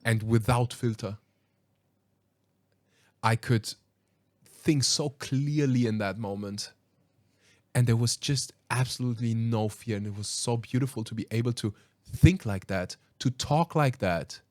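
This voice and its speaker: A man hosting a podcast, telling a story in a lively, laughing way with plenty of fillers. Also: mid-range voice, unhurried, pauses often, no echo. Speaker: podcast host. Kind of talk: casual storytelling conversation.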